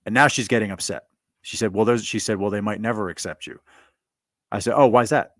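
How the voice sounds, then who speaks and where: A fast-talking man with a fairly low voice, recorded in a clean, echo-free studio, is a commentator telling a personal story. His monologue bluntly recounts an argument, and he stammers and repeats himself along the way.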